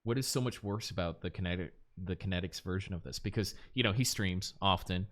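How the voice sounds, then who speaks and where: A man's voice: deep voice, brisk, fairly bright tone. A man hosting a casual podcast, asking probing questions in a laid-back, conversational way. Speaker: podcast host.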